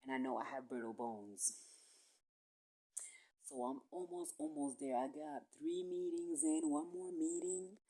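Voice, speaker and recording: A woman with a low, husky voice rambles through a casual monologue, swearing freely in a streetwise, digressive way. She drops to near-whispered murmurs, then jumps into loud, high bursts. Her tone is raw and unpolished. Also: measured pace, rough recording. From small town.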